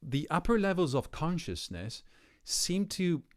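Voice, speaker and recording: A man speaking as a voice coach in a thoughtful, emphatic talk to camera. His pitch rises and falls in a lively way, and he shifts between slow, weighty phrases and quicker stretches. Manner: reflective, emphatic, with varied pace and pauses.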